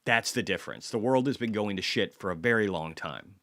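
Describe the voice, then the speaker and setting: A man's voice: fairly low pitch, animated, a little fast, a bit bright. A man hosts an informal video about stocks and the economy. He speaks bluntly and swears freely, sometimes stopping to apologize for drifting off topic. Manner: blunt and profane, apologizes for tangents. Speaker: market commentary host. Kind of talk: casual market commentary vlog.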